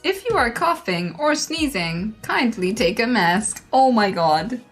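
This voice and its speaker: A woman's voice: fairly high pitch, very animated, measured pace, faint music behind. A woman streamer reading memes aloud and reacting, laughing often and swearing freely.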